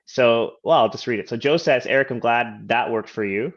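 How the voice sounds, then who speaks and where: A man hosting a live interview over a video call, asking relaxed, slightly halting questions. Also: medium pitch, dull audio. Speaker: interview host, coach.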